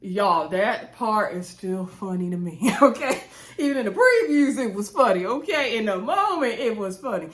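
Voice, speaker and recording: A woman's voice: medium pitch, very animated, moderate pace. A woman hosting a casual reality show recap, chatting directly to her viewers. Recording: roomy echo.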